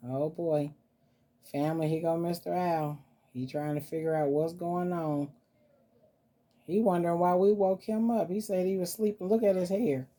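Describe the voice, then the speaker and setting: A woman's voice: lowish voice, steady tone, moderate pace, dark tone. A woman vlogger chatting casually and cooing to her dolls as she shows them off. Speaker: vlogger showing reborn dolls. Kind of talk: casual vlog chat.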